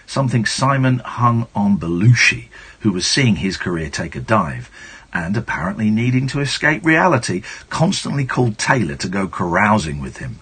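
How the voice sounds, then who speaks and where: A man's voice: on the low side, big pitch swings, moderate pace, fairly bright tone, husky. A man hosting a late-night radio show, reading a book aloud on air and breaking off for playful asides. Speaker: radio host. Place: radio studio. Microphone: studio microphone.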